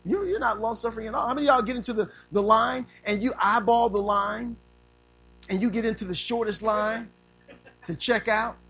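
A preacher, a man with a notably high-pitched voice, delivers a sermon. He is animated and theatrical, firing rhetorical questions at the congregation and slipping into little acted-out scenes. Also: fairly quick, poor audio. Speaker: pastor.

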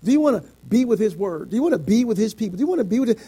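A middle-aged man preaching a sermon, quoting scripture in old biblical wording and swinging between shouted climaxes and quiet, low passages. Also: sing-song, rapid-fire, few pauses, husky. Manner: quotes scripture in King James wording.

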